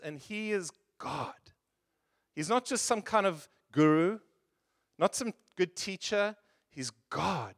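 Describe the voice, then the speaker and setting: A man preaching to his congregation in an earnest, conversational sermon. His voice sits somewhat high for a man. He leans on rhetorical questions and talks straight to his listeners. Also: a bit bright. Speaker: pastor.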